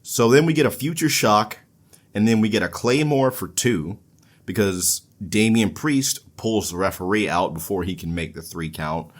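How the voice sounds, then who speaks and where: A man hosting a casual wrestling recap podcast, laid-back and profane, laughing at his own slips. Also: deep voice. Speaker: podcast host.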